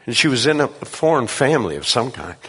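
A man preaching a sermon in a church sanctuary, telling personal stories and acting out voices with animated delivery. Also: medium pitch, brisk, breathy edge. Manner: animated storytelling, acts out voices. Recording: long reverb of a hall.

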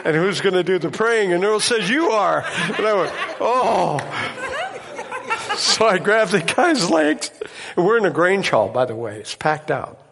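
A man preaching, telling a miracle story in an animated way and laughing at his own tale. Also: high voice, unhurried, gravelly, in a large hall, a crowd in the background. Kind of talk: sermon testimony storytelling.

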